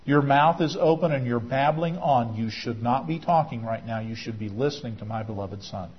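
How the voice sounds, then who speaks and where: A stern, solemn voice from heaven, a male father figure who speaks slowly and rebukes, lower and softer than the surrounding talk, as a preacher puts it on. The voice is husky. The recording is dull and lo-fi. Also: lightly acted.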